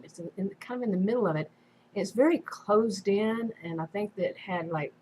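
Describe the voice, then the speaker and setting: A woman's voice: mid-range voice, slight background noise, low-quality recording. A woman casually telling a personal story in a rambling way, full of fillers and restarts. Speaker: vlogger.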